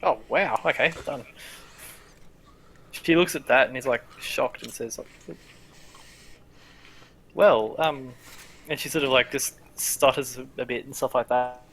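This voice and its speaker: A man's voice: medium pitch, moderate pace, gravelly, fairly bright tone, slightly rough. A man narrating as game master of a tabletop game, chatty, with many fillers.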